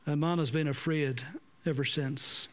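A man preaching a sermon, swinging between raised emphasis and hushed, slowed passages. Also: fairly high pitch, fairly even intonation.

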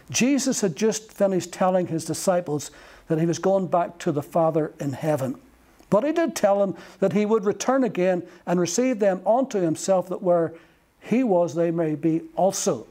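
A man preaching a sermon in a slow, emphatic way, pausing between phrases. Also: high-pitched, warm tone. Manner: slow, emphatic delivery with long pauses.

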